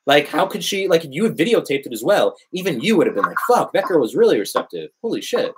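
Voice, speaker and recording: A man's voice: on the high side, very animated, fast talker, background noise. A young man in casual chat, telling a story animatedly, swearing and acting out quotes. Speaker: dating storyteller.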